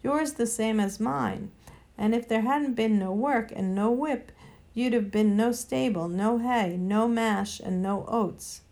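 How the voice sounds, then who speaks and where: A woman's voice: on the high side, slow pace, creaky, darkish tone. A woman reading a storybook aloud and voicing a working-class male London cabman with blunt, homely dialect. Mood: gruff.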